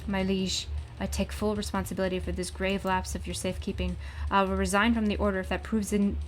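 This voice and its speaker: A woman's voice: medium pitch, flat delivery, brisk, soft background music, natural voice. A woman voicing a loyal, dutiful male knight in a video game, speaking in a humble, formal way. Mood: contrite.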